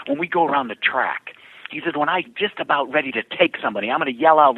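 A man's voice: medium pitch, quick pace, slightly rough, no room sound, phone-quality sound. A male guest telling a story with energy, acting out the voices of the people in it before turning to an uplifting message. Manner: acts out quoted voices, builds to uplifting message. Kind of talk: animated storytelling.

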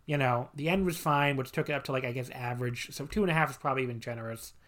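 A man's voice: mid-range voice, racing, fairly bright tone. Blunt, opinionated man on a podcast. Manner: blunt, opinionated, swears freely. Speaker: podcast co-host. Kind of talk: casual podcast chat reviewing wrestling matches.

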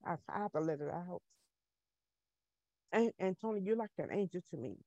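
A woman on a group video call, holding back tears and speaking softly in halting, repeated phrases. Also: lowish voice, lively intonation, no room sound, dull audio. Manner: soft, halting, repeats herself. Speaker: call participant asking a question. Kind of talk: emotional testimony on a video call.

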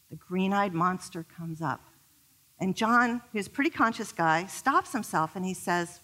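A woman relationship expert giving an animated talk to a live audience, telling personal stories and asking the crowd questions. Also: mid-range voice.

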